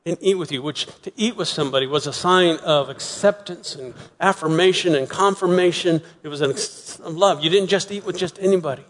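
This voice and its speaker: A man preaching a sermon as pastor, earnest, often repeating words and slowing to soft, emphatic pauses. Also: sits high. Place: church sanctuary. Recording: long hall reverb.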